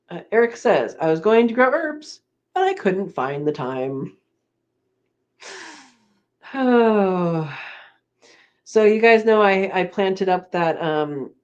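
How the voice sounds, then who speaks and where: Slow-talking woman hosting a live chat. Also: fairly low pitch, muffled recording. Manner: relaxed and chatty, laughs often, trails off with fillers. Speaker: homesteading live chat host. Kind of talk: casual live chat, reading viewer comments.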